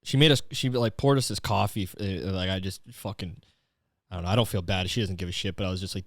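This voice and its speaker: A man's voice: sits low, fast talker, dry recording, studio quality. A young man from Canada hosting a comedy podcast, talking in a profane, rambling, slang-heavy rant. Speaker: podcast host.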